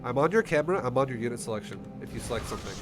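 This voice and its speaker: A man's voice: medium pitch, lively intonation, racing, background noise. A man coaching a player through a game replay in a casual streaming session, blunt and heated, swearing often. His nose is running. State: runny nose. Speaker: StarCraft coach reviewing a replay. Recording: music playing underneath. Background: music.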